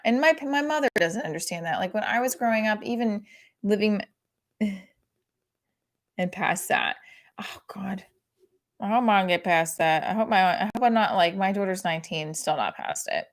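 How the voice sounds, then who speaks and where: A woman in her forties doing casual stand-up as a comic, rambling and cutting herself off, with loud bursts when she acts out her family. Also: lowish voice. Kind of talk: casual stand-up trying new material.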